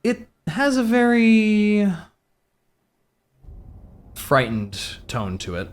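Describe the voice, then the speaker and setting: A man narrating a tabletop game as game master, in a halting, thoughtful way. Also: high-pitched, huge pitch swings, a little hiss or hum.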